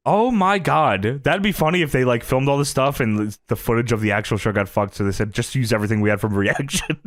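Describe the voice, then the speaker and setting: A man's voice: mid-range voice, a little fast, few pauses. A man co-hosting a podcast, recapping a wrestling show in casual, profane, laugh-filled chat. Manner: laughs often, profane, retells scenes in mock voices. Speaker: podcast co-host.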